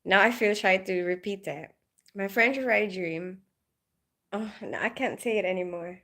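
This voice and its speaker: Her voice is medium-pitched, a bit bright, and a little slow as this middle-aged nurse chats on a casual livestream. Fresh out of bed after night shifts, she giggles frequently and greets viewers by name.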